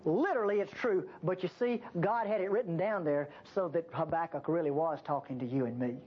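Speaking a little fast in a fairly low, slightly rough voice, a woman walks a church group through a Bible passage in a conversational way. She's animated and dramatizes the prophet's pleas, and the recording is dull lo-fi tape with a faint hiss.

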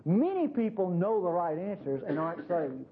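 A man preaching a sermon in a conversational, animated way, often saying "see" to the listeners. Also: high-pitched, normal speed, slight background noise. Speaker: pastor. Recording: tinny phone-like radio broadcast.

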